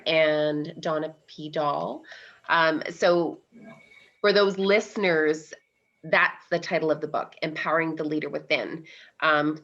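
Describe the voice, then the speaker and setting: A woman with a low voice hosts an interview, speaking in a conversational way with many fillers. The sound is muffled and lo-fi. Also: a bit bright. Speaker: podcast host. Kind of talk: interview hosting. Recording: dull lo-fi sound.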